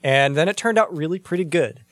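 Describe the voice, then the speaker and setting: Man, podcast co-host, slightly high voice, dry close mic, laughs a lot. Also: animated, fairly quick, a bit bright, no echo. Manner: chatty, laughs often, self-correcting. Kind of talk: casual chat reviewing music videos.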